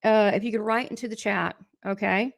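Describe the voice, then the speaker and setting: A woman's voice: mid-range voice, steady tone, fairly quick, creaky, no room sound, clean studio sound. A middle-aged woman hosting a casual livestream. She is chatty, laughs often and talks straight to her viewers while reading their comments. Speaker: livestream host and spiritual coach.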